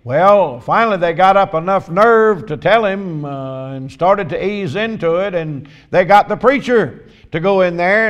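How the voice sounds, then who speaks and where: A man preaching a sermon, telling folksy humorous stories and asking drawn-out emphatic questions. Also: fairly high pitch.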